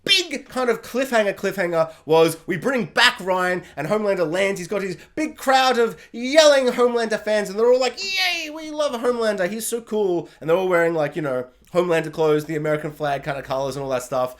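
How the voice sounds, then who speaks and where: A young man casually reviewing a TV show, rambling and excitable with lots of fillers. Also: sits high, a little fast, hardly any pauses.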